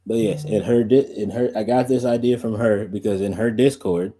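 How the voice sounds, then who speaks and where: A man's voice: lowish voice, fairly even intonation, normal speed, mellow. A young man hosting a podcast and stream, chatting loosely with lots of fillers and laughs. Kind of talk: casual rambling chat.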